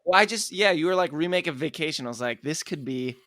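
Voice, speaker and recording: A man's voice: fairly high pitch, lively intonation, quick pace, a crowd in the background. A man co-hosting a comedy podcast, teasing his friends and laughing often. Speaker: podcast co-host. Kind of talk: casual comedic chat.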